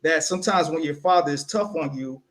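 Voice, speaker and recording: Animated, higher-pitched young man storytelling. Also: a little fast. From South Carolina. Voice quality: animated, acts out quoted voices. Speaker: podcast co-host. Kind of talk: casual storytelling chat.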